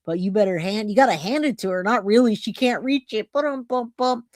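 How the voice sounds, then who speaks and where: A woman's voice: mid-range voice, animated, fairly quick, no room sound, studio quality. Chatty woman hosting a true crime livestream. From California. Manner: chatty, laughing, reads out viewer thanks. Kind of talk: casual livestream chat.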